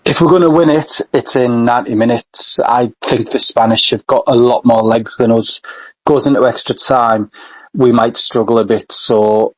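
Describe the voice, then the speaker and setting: A man co-hosting a podcast, talking earnestly with halting restarts. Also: mid-range voice, no room sound, poor audio. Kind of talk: casual chat.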